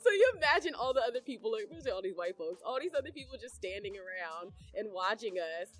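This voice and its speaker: A woman's voice: mid-range voice, quick pace. A woman co-hosting a podcast, telling stories and explaining in a casual, slangy way with frequent laughter. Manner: animated, laughs often, slangy. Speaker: podcast co-host. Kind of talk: casual chat, storytelling.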